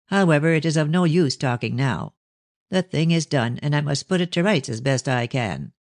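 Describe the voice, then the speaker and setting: A stern, cold elderly father, measured and severe, as a man voices him in an audiobook. The sound is close and dry. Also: a little high, lively intonation, dry recording. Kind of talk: audiobook character reading.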